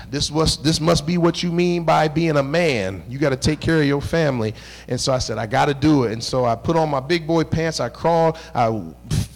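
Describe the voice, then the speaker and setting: A man preaching in a church, his voice pitched high for a man. He tells a long personal story in a lively, conversational way, slipping into the voices of the people in it. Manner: animated, conversational, acts out dialogue. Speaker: pastor. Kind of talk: storytelling sermon. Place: church sanctuary.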